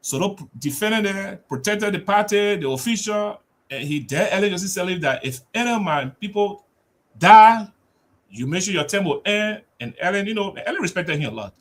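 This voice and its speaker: A man telling a story on a talk show, animated, repeating words and laughing often. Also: high-pitched, brisk.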